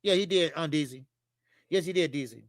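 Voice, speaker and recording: A man hosting a casual boxing show, ranting heatedly and cursing, shouting at times. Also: fairly high pitch, a little fast, dry recording, clean studio sound. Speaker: boxing commentary show host.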